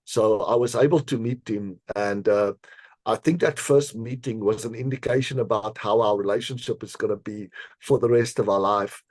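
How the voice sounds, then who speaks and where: Earnest, measured man telling a story. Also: lowish voice, a little mellow, no echo. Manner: earnest, measured, with frequent fillers and small laughs. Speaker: podcast guest, decision scientist. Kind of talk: reflective storytelling in an interview.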